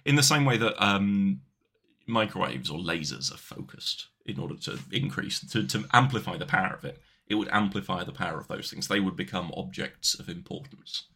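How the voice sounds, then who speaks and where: Yorkshire guy on a podcast, gravelly husky voice, kinda low, rambly dry jokes. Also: animated, moderate pace, bright, forceful tone. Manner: dry, rambling, sweary banter. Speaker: podcast co-host. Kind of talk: casual comedic chat.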